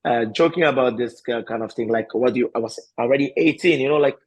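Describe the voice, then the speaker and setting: A husky-voiced man speaks in broken, stopping and restarting often with fillers. He tells his story with lively bursts of feeling and a laugh now and then. The sound is dry and close, with no room around it. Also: mid-range voice, no room sound, poor audio. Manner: halting, many fillers and restarts, non-native grammar; animated, laughs while telling stories. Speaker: MMA fighter, interview guest. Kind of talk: casual interview answers.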